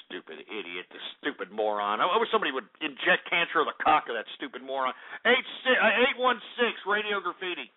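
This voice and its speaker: A brash, foul-mouthed man hosting a call-in radio show, a little out of breath. His voice sits high and swings widely between lines. It comes through a tinny, phone-like line with faint music under it. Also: lively intonation, quick pace, few pauses. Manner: brash, profane, mocking. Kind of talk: crude comedic call-in radio.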